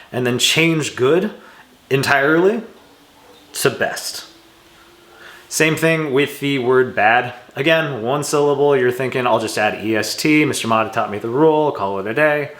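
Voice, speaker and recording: A man's voice: mid-range voice, fairly bright tone. Casual man teaching grammar, roomy echo. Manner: casual, self-mocking asides while drawing on screen. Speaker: English teacher. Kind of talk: recorded grammar lesson. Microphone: external shotgun microphone.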